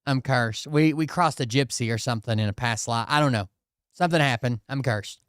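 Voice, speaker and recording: A man hosting a casual talk show, telling a story in a profane, animated, exasperated way. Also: mid-range voice, brisk, dry recording, clean studio sound. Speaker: host.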